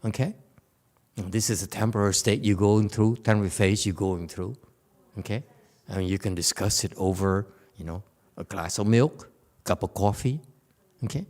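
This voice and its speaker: A man's voice: on the low side, moderate pace, darkish tone. Playful, teasing male Buddhist teacher. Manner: playful, teasing, laughs often, keeps asking "okay?". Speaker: Buddhist teacher giving a Dharma lecture. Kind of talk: informal Dharma talk. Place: temple lecture hall.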